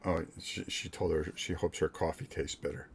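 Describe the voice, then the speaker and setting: An older man hosting a vlog, telling a blunt, profane story in a casual, animated way with many restarts. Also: low voice, moderate pace, creaky, a little hiss or hum. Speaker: vlog host.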